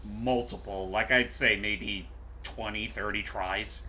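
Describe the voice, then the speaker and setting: A young man co-hosting a casual game commentary, talking in an animated way with lots of fillers. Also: lowish voice, slow, slight background noise.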